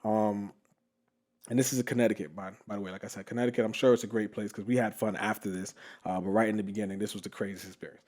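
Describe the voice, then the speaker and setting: Lower-voiced man telling a story casually. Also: fast. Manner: animated, laughing, many fillers. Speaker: podcast host.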